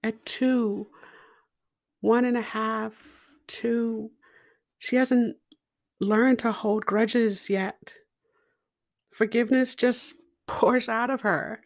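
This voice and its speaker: A middle-aged woman telling a personal story in a slow, deliberate and expressive way, laughing now and then. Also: fairly high pitch. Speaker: podcast guest speaker.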